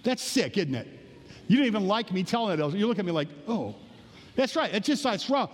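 In a church sanctuary, a man with a high, brisk voice preaches a sermon as pastor, his words carrying a big-room sound with a little hiss or hum. He tells animated stories, acting out the voices in quotes, and jokes with his congregation.

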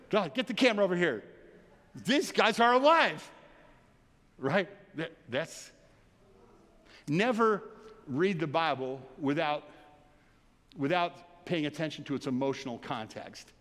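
A man preaching a sermon in a church, telling the story with animated energy and laughter. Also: fairly high pitch. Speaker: pastor. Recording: long reverb of a large hall.

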